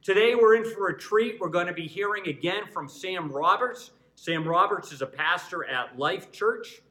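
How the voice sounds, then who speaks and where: A man's voice: high-pitched, normal speed, pushed and bright, low-quality recording. A male pastor speaking earnestly to his congregation, introducing a guest speaker and leading a prayer. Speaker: church pastor introducing a video message. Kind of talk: church announcements and prayer.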